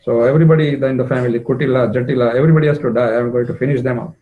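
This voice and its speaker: Stern male snake king, low and subdued, handing down measured threats, as a storytelling man puts him on. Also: steady tone, phone-quality sound, natural voice. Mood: angry.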